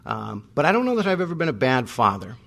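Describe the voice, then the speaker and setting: Man, 30s, recovery-meeting speaker; bright tone, wry self-mocking storyteller. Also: medium pitch, very animated, quick pace, creaky. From North Dakota. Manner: self-mocking, comic timing, acts out both sides of arguments. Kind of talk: storytelling talk to a live audience.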